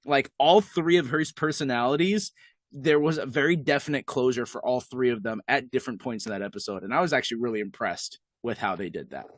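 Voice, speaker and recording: Over a video call, a male podcast co-host chats casually with enthusiasm, tossing in quick asides. His pitch is medium, and the studio-quality recording has no room sound.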